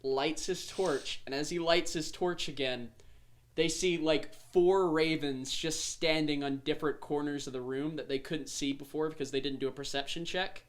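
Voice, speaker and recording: A man's voice: on the high side, steady tone, moderate pace. A man hosting a podcast, animatedly recapping the tabletop game he ran, swearing freely. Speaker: game master and podcast host.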